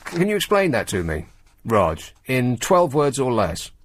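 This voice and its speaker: A man's voice: mid-range voice, wildly swooping pitch, a little slow, no echo. A man hosting a talk radio show, riffing sardonically on news stories with mocking asides. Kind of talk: late-night radio monologue. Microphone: studio microphone.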